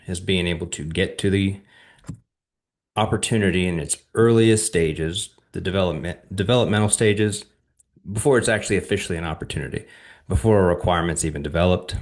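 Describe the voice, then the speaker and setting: Low-voiced man giving casual contracting advice. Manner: conversational, often checks in with "all right?". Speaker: channel host and defense contracting advisor. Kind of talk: casual instructional talk to viewers.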